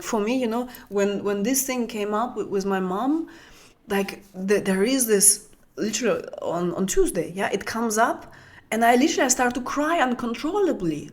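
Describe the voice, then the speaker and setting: Soft-spoken woman with a Russian mother tongue. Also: fairly high pitch. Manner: soft, flowing, searching, many restarts and repeated words. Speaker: spiritual coach for women. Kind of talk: intimate teaching talk to an audience.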